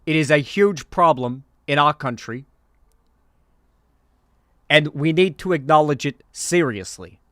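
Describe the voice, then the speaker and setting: A man doing an impression of an older male politician, declaiming loudly and hammering each point. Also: on the high side, lively intonation, measured pace, pauses often, no echo, studio quality. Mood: emphatic.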